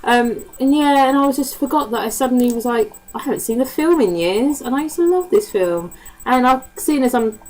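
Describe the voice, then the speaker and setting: A lively, high voice, brisk and a touch mellow, belongs to a Cockney vlogger from the East End chatting casually to camera. She curses freely and her talk is full of laughs, ums and fillers. The audio quality is poor.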